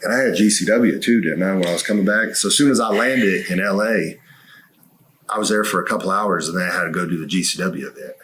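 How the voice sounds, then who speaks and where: A man's voice: sits low, quick pace, a bit bright. A man co-hosting a podcast, telling a long story in casual chat and swearing freely. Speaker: co-host.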